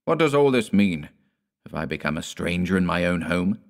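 A man's voice: sits low, sing-song, normal speed. A man voicing a stern, sinister old patriarch with a hollow voice and a cold, menacing manner. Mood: indignant.

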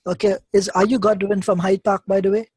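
A man moderating a live debate, calling time and taking callers with brisk, hesitant fillers. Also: sits high, flat delivery, a little mellow, husky, no echo.

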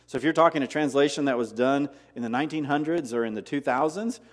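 A man's voice: mid-range voice, quick pace, in a large hall. A man preaching a sermon as pastor, asking rhetorical questions and repeating key words for emphasis. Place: church sanctuary.

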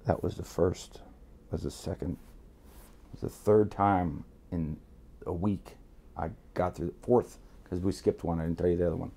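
Gravelly low-voiced man telling a crime story. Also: normal speed. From Miami. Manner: profane, streetwise, animated re-enactments. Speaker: interview guest. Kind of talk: casual storytelling.

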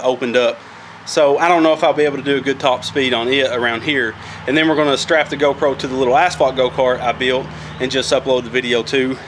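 A man's voice: medium pitch, fairly bright tone, slight background noise. A man hosting a casual do-it-yourself workshop vlog, talking in a rambling, folksy way with loose grammar. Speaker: DIY go-kart vlogger.

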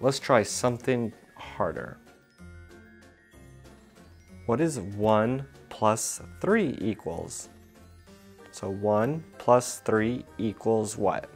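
Slow patient man teaching toddlers. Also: fairly low pitch, expressive, faint music behind. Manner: patient, encouraging, asks questions. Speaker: children's educator.

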